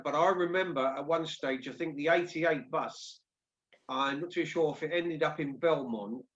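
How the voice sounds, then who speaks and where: A man hosts a casual discussion show, chatting conversationally and often restarting his sentences. His voice is medium-pitched with a fairly bright tone, captured in dull lo-fi audio.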